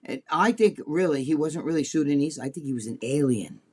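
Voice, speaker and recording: Brief: high-pitched man, crude blunt podcast co-host, swears freely. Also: animated, brisk, darkish tone, breathy edge. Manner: blunt, crude storyteller, acts out voices. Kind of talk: casual profane chat.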